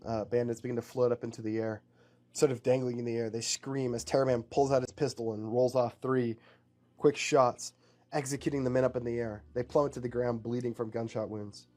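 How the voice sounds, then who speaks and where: A man's voice: mid-range voice, warm tone. A man casually improvising a story aloud, rambling with fillers.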